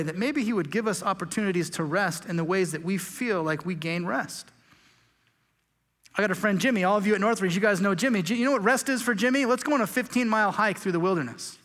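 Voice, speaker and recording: A man's voice: high-pitched, a bit bright. A man preaching a sermon as pastor, joking and casual, stumbling over words and restarting often. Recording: long hall reverb.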